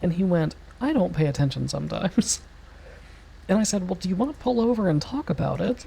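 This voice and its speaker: A woman telling a game story in casual, swearing chat, animated and laughing as she quotes others. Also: on the low side, a little fast, creaky, slightly rough, poor audio. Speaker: streamer playing a police role-play character.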